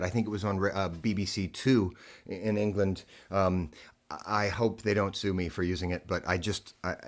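A man's voice: fairly low pitch, fairly bright tone. A man hosting a casual music livestream from his living room, rambling and self-mocking, with lots of fillers and restarts. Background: keyboard playing.

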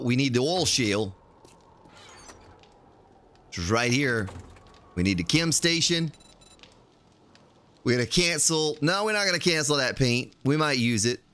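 A man's voice: mid-range voice, pushed and bright. A male game streamer giving live gameplay commentary, talking playfully to himself and to his viewers in the chat.

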